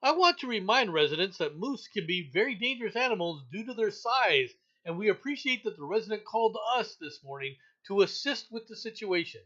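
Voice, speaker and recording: Laughing, bright-voiced man reading the news. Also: sits high, big pitch swings, fairly quick, few pauses. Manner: laughs often, wry asides, mock quotes. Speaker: podcast host reading news stories. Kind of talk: casual news commentary. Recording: dull lo-fi sound.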